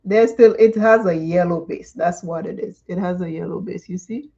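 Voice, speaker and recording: A woman's voice: lowish voice, normal speed, mellow, dull audio. A woman from Dominica, chatting and telling stories during a live makeup tutorial and laughing often. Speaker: makeup vlogger.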